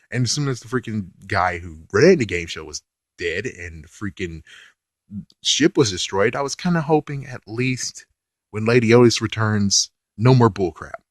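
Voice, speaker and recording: A man's voice: on the low side, lively intonation, normal speed, no room sound, studio quality. A man reviewing a TV episode in a casual rant, swearing offhandedly and laughing often.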